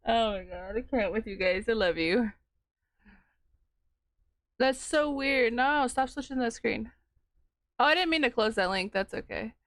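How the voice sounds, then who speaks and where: A woman's voice: a little high, dry recording. A woman streamer chatting casually with her live chat while winding yarn, laughing often and reacting to comments.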